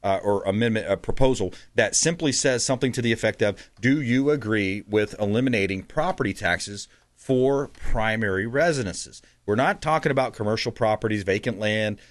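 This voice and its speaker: A man's voice: lowish voice, normal speed. A man hosting a casual talk show, chatty and folksy, often laughing as he talks. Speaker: host.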